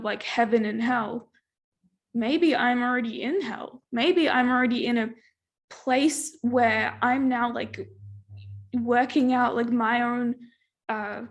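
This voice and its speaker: A woman, a podcast co-host appearing as a guest, speaking in a slow, reflective way and thinking aloud. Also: on the high side, fairly even intonation. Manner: reflective, thoughtful, many fillers. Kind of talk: casual conversation.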